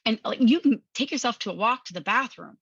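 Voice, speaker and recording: A woman's voice: fairly high pitch, fairly quick, husky, dry recording. Emphatic woman on a dull, dry recording. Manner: animated, emphatic, laughs often. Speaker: podcast host. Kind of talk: conversational coaching talk.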